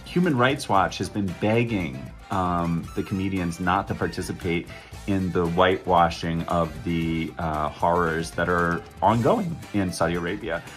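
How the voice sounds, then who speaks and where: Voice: deep voice, measured pace, faint music behind. A comedy host delivering a satirical monologue in a sarcastic, mock-outraged, punchy way.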